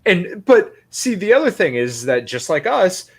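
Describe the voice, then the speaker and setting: A man in a casual political podcast chat, talking in an animated way, full of restarts. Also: high voice, a little slow, creaky, slightly rough. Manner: animated, talks with restarts and fillers.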